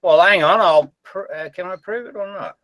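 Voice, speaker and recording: A man's voice: sits high, moderate pace, fairly bright tone, dry recording. A man in a heated online voice chat who mumbles, repeats himself and laughs things off. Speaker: voice chat participant.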